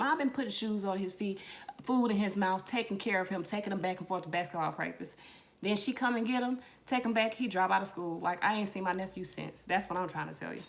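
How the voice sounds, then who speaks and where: A middle-aged woman doing a casual tarot reading, telling lively stories in slang and swearing as she talks to her viewers. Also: mid-range voice, quick pace, gravelly. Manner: animated storytelling, slangy, swears, addresses viewers as y'all. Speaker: tarot reader.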